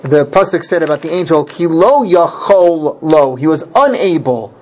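A man's voice: a little high, lively intonation, normal speed, darkish tone. A man giving a Torah class, reading Hebrew verses and explaining each one in English, often restarting his sentences. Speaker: Torah teacher. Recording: dull lo-fi recording.

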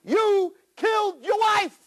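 A man voicing a spiteful male Satan who shouts accusations in a high, strained voice. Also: takes it slowly. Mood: accusing.

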